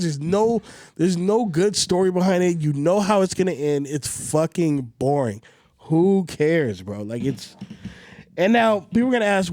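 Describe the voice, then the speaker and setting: A man's voice: normal speed, no echo, studio quality. Fired-up man ranting on a podcast. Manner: animated, profane ranting with swinging pitch. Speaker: podcast co-host. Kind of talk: casual chat.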